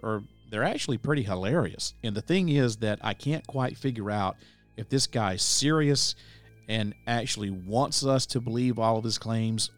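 A man hosting a show, casually commenting on a video in a hesitant way with many pauses. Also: fairly low pitch. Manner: hesitant, full of fillers and restarts. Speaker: host reacting to a video.

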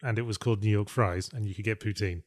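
A man's voice: lowish voice, steady tone, quick pace, no echo. A man co-hosting a casual podcast chat, talking with dry, wry humor. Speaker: podcast co-host.

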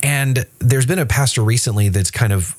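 A man of medium pitch, speaking at normal speed, co-hosts a casual faith podcast. He's animated and loose, acting out quoted voices and restarting often with plenty of fillers.

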